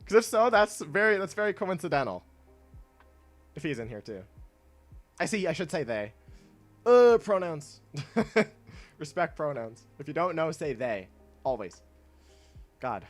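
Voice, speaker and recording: A young man casually chatting with his chat while playing a video game, laid-back and quick to laugh. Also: a little high, very animated, a bit bright, soft background music. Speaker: streamer.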